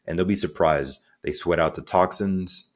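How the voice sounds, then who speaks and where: Deep-voiced energetic male coach. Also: moderate pace. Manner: energetic, conversational, acts out quotes. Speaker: guest, transformational coach. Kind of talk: podcast interview.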